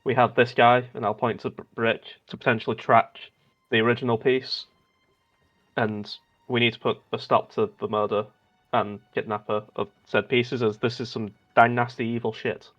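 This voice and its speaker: A man's voice: mid-range voice, little pitch movement, normal speed, a bit bright, lo-fi sound, soft background music. A man playing a tabletop game, blunt and joking as he lays out plans. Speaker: player. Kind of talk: tabletop role-play chat.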